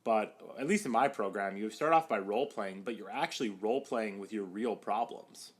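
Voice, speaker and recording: A young man with a fairly low voice talks through his work as a counselor in a relaxed podcast chat. He leans on "like" and "you know" all the time. Now and then he acts out the voices he quotes. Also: normal speed. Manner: chatty, many "like" fillers, acts out quoted voices. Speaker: podcast guest, psychotherapist. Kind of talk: casual podcast conversation.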